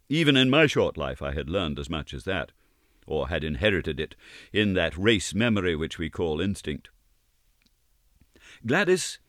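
A man narrating a novel in first person, low-voiced and earnest. His reading is measured yet lively, with wide swings of pitch. The sound is close and dry. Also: dry recording. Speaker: audiobook narrator.

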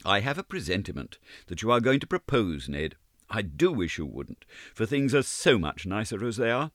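A man's voice: on the low side, very animated, normal speed, a bit bright, dry recording, clean studio sound, pitched above the performer's own voice. A male audiobook reader voicing a proud, poised young woman who speaks in a cool, reproving, lightly playful way. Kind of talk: audiobook character reading.

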